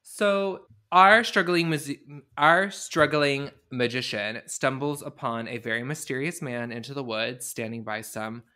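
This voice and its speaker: A man hosting a podcast, telling the story in an animated, sarcastic way in casual comedic chat. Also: mid-range voice, measured pace, few pauses. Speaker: podcast host.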